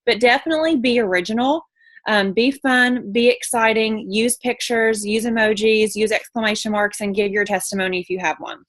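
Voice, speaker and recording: A woman's voice: fairly high pitch, steady tone, moderate pace, no room sound. A woman giving a casual, bubbly sales training talk to her team, chatty with frequent ums. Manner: bubbly, chatty, many fillers. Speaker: network marketing team leader.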